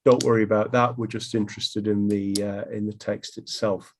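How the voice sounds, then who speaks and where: A man teaching an online English class, talking in a relaxed, chatty way with many ums and restarts. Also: on the low side, normal speed, background noise.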